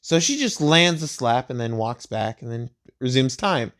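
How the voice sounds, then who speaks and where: A man casually retelling a fan story in a rambling, halting way, searching for words. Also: medium pitch, lively intonation, a bit bright. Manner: rambling, halting, with many fillers and restarts.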